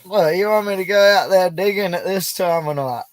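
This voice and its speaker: This young Australian prospector streams live from his bush camp, his high voice moving a little fast with no room sound. He's relaxed and talkative, reading comments from viewers and laughing often.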